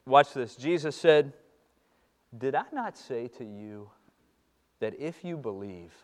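Impassioned preacher, hushed to loud. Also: male voice, medium pitch, expressive, slow. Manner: repeats phrases for emphasis. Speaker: pastor. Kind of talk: sermon.

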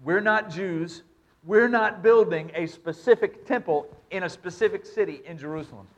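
Pastor preaching, pretty high voice, keeps hammering points with repeats. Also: male voice, normal speed, muffled recording. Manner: emphatic, repetitive preaching with scripture reading. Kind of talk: sermon.

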